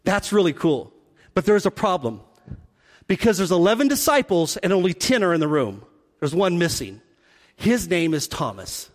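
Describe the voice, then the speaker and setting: A pastor preaches a sermon, animatedly acting out the scenes he describes with quick shifts in his voice. His voice sits high, and the sound is that of a big room.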